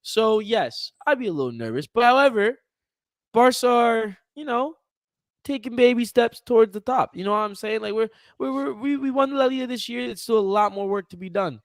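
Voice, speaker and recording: High-voiced young man, animated sports talk. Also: moderate pace, no room sound, clean studio sound. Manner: animated, rambling, self-interrupting. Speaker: podcast co-host. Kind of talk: casual sports chat.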